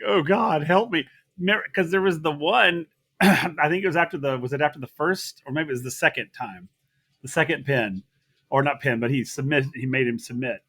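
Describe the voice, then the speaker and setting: Male co-host, American, chatty and giggly, bright voice, dry close sound. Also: medium pitch, slightly rough, no room sound. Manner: rambling, giggly, self-interrupting storytelling. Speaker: podcast co-host. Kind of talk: casual wrestling recap.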